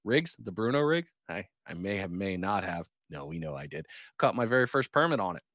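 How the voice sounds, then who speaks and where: A man hosts a casual podcast about fishing. His voice sits low and sounds close and dry, with no room around it. He tells stories in an animated way and acts out what others said. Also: a little fast, no room sound. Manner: animated storyteller, acts out quotes. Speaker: podcast host.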